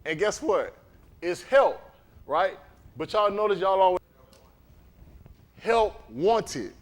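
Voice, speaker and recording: During a livestreamed sermon, a man with a fairly high, slightly slow voice preaches in an animated, conversational style. He frequently quizzes the congregation with questions.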